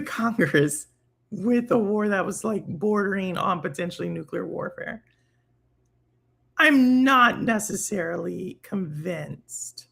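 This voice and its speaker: Gravelly, animated podcast host. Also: mid-range voice. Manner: animated, thinks aloud with restarts. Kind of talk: casual gaming podcast chat.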